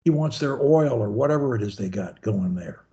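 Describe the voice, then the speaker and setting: A man's voice: mid-range voice, animated, normal speed, warm tone, lo-fi sound. A man coaching a student one-on-one over a video call, talking in a folksy, rambling, encouraging way. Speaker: speech coach.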